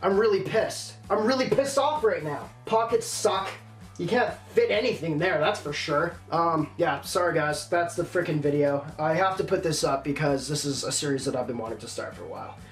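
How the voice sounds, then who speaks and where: A man's voice: fairly high pitch, brisk, a bit bright, reverberant, faint music behind. A young man vlogging casually, frustrated and ranting, often apologizing to viewers. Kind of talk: casual unboxing vlog.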